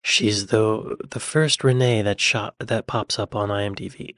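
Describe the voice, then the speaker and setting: American man, reaction video host, casual musing chat, mid pitch, dry close sound. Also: slow, a bit bright, dry recording. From United States. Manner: chatty, musing aloud, drops to near-whispers.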